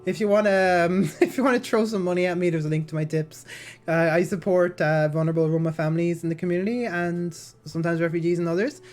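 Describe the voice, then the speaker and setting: A woman with a fairly low, slightly mellow voice talks fast while streaming, chatting and reading aloud. Her voice is somewhat nasal and she has a sore throat, so she rambles through fillers and restarts. She's on a basic mic, not a headset.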